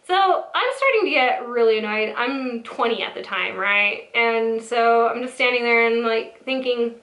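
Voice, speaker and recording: A young woman in her twenties tells stories casually, with a sassy, mocking, rambling manner. Her voice sits a little high and sounds bright. She is recorded in an echoey room. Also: moderate pace, hardly any pauses. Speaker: storytelling vlogger. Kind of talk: casual storytime.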